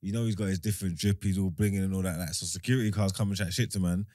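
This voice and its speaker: A man's voice: low voice, steady tone, very fast, mellow, no echo, studio quality. A man, a podcast host telling stories in casual, slang-heavy chat with friends. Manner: laid-back slang-heavy banter, laughing.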